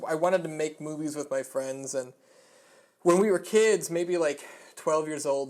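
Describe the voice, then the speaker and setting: A man's voice: a little high, darkish tone. A young man guesting on a casual podcast, telling stories, swearing freely and laughing often.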